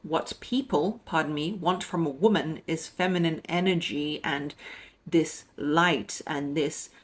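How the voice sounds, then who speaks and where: A young adult woman, heavily pregnant, giving relationship coaching in a lively monologue and acting out the lines she quotes. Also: measured pace. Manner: animated, acts out quoted voices with pitch jumps.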